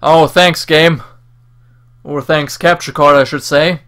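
Let's play host, man with a slightly high voice, casual and relaxed commentary. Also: slow pace. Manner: relaxed, mumbling asides.

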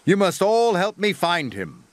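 A man voicing a stern but kindly older male railway boss who speaks in a booming, commanding way. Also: wildly swooping pitch, a little slow, music in the background, heavily acted.

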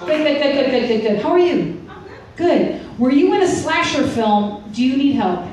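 Bubbly female co-host running live trivia, high voice, distant mic in a roomy club. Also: lively intonation, moderate pace, a little mellow, a little hiss or hum. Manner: bubbly, joking banter with the crowd. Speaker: show co-host. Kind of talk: hosting a live trivia segment.

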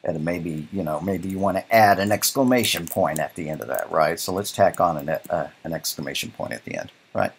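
Male instructor, very low and husky, casual live-coding lecture, thinks out loud. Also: a little fast, hardly any pauses. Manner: casual, thinks aloud, keeps asking "right?". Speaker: programming instructor.

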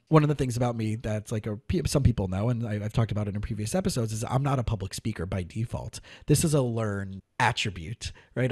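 A male podcast host with a mellow, warm voice talks with eager enthusiasm, peppering his speech with fillers and restarts. The sound is dry and close. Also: mid-range voice, dry recording. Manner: chatty, enthusiastic, lots of fillers. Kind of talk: casual interview chat.

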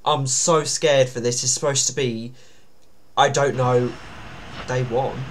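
A man's voice: mid-range voice, fairly even intonation, slow pace, slight background noise. Jumpy man playing a horror game. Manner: nervous, jumpy, bursts into startled yelps. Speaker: gaming YouTuber.

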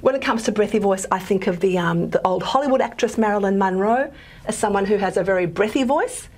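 In this recorded lecture on linguistics, delivered over a video call, the speaker, possibly a woman, stumbles through with frequent fillers and restarts. Her mid-range voice has a darkish tone and a fairly quick pace.

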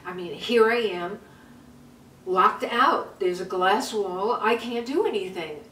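A woman's voice: medium pitch, takes it slowly, a bit bright. Chatty older woman, roomy and distant. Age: 70s. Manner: chatty, repeats words, laughs nervously. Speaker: vlog host. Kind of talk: casual storytelling. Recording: roomy sound from a distance, faint noise.

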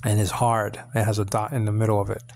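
A man's voice: on the low side, monotone, fast talker, vocal fry, a little mellow. An American man giving an informal lesson on biblical Hebrew, rambling with lots of fillers, restarts and self-corrections, and often checking in with his listeners. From United States. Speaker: Bible teacher. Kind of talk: informal teaching on Hebrew text.

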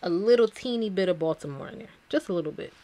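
A woman's voice: lowish voice, expressive, fast, heavy background noise. A woman with a Philadelphia accent in a casual review chat, blunt, teasing and opinionated. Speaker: podcast co-host.

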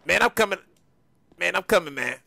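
A man bantering loudly in street slang as he role-plays a boastful character during a video game. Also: high-pitched, animated, a little fast, gravelly, dry recording. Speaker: gamer in role-play.

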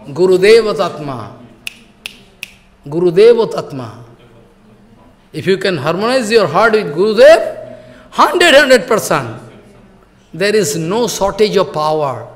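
A man giving a devotional talk as a spiritual teacher. He tells a story in simple non-native English, acts out the quotes and keeps asking if listeners follow. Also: sits high. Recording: long hall reverb.

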